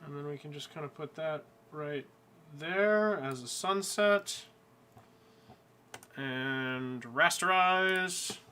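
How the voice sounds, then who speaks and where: Bright-voiced man mumbling while he draws. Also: fairly high pitch, takes it slowly, slight background noise. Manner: mumbles quietly to himself while working, jokey asides. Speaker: streamer drawing a coloring page. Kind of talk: casual live-stream chat while drawing.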